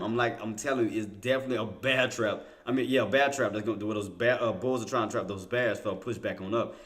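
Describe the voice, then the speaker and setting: A man hosting a day-trading livestream, talking through the chart live, repeating himself, restarting sentences and getting insistent. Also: mid-range voice. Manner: talks to himself, repeats phrases, restarts often; excited, insistent bursts. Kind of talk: live market commentary.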